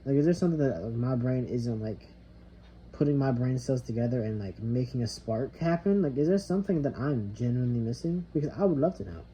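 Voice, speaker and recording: A man's voice: mid-range voice, animated, a little fast, dark tone. A young man venting in a casual monologue, rambling and frustrated, swearing often and trailing off into mutters. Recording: slightly dull lo-fi recording with faint background noise.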